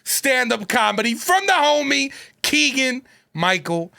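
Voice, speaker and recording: A man's voice: very high voice, very animated, measured pace, vocal fry, sharp tone. A man hosting a reaction video, commenting in casual slang. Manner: slangy, emphatic. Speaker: reaction channel host.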